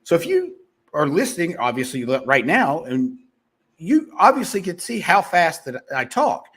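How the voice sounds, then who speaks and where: A sales coach delivers a motivational monologue to viewers in a slightly high, husky voice. He talks fast and animatedly, rambling and restarting his sentences.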